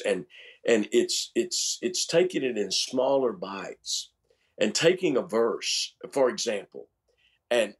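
Animated older man, pastor. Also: mid-range voice. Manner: animated, emphatic storyteller who repeats words. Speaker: pastor and seminary chancellor. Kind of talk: conversational interview.

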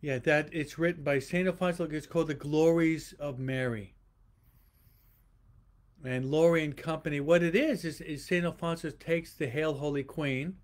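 A priest giving a homily to an online audience, slowly repeating rhetorical questions and often pausing and restarting mid-sentence. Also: male voice, a little high, steady tone. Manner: slow, repetitive preaching with rhetorical questions; pauses and restarts often, speaking to online viewers. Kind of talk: livestreamed homily.

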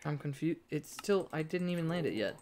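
A man with a higher, animated voice talks a little fast as he hosts a late-night let's play from home, exasperated and muttering at the game. A crowd sounds in the background, and the noisy audio also catches keyboard clicks.

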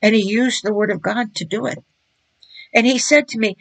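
A woman's voice: on the high side, fairly even intonation, normal speed, creaky, no room sound, low-quality recording. A woman preaching, telling her personal testimony in an earnest, emphatic storytelling manner.

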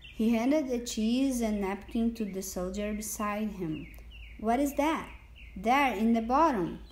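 A man's voice: high-pitched, fairly even intonation, measured pace, darkish tone, slight background noise. A woman voicing a harsh, contemptuous male soldier in a read-aloud story. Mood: scornful. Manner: sneering, contemptuous.

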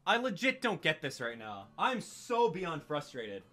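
Excitable, lively man streaming a game. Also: on the high side, a little slow, hardly any pauses, soft background music. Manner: excitable, exclaiming and ranting in frustration. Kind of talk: live gaming stream commentary.

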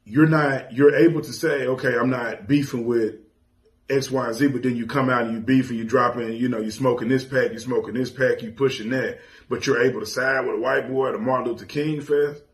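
Brief: male caller, mid-pitched, thinking aloud, rephrasing his points. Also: steady tone, fairly quick. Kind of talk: call-in commentary.

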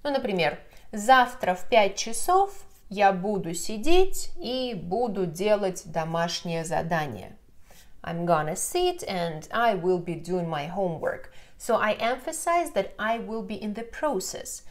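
A woman's voice: medium pitch, very animated, unhurried. Russian-accented woman teaching grammar. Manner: patient explaining, frequent checking "да?". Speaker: language teacher. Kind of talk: online grammar lesson.

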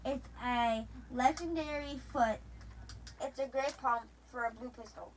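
Young woman, high-pitched, casual gaming chat, rambling, teasing, faint background hum. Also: a little slow, rough recording. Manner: rambling, restarts, playful teasing. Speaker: gamer.

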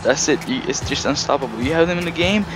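A young man commentating his own football video game match as he plays, grumbling in frustration and breaking into loud excitement. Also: a little high, fast, over music. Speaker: gaming YouTuber. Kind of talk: live gameplay commentary.

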